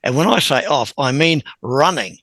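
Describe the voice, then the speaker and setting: A man, a podcast guest telling a long story in a lively, chuckling way. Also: mid-range voice, normal speed, dry recording, rough recording. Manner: animated anecdote-teller who chuckles and clears his throat. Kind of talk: conversational storytelling.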